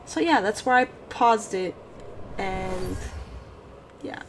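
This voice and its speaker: A woman's voice: mid-range voice, expressive, takes it slowly, slight background noise, low-quality recording. A woman hosting a let's play, narrating her playthrough in rambling, self-deprecating casual commentary. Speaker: gaming channel host.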